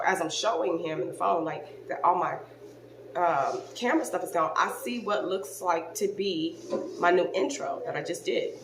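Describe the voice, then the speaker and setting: A woman vlogging straight to camera, her low voice gravelly with vocal fry. She tells her story with lively, expressive exclamations, and the room adds a noticeable echo. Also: noisy background. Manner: talks straight to viewers, informal. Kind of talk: casual chat to camera. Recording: roomy echo.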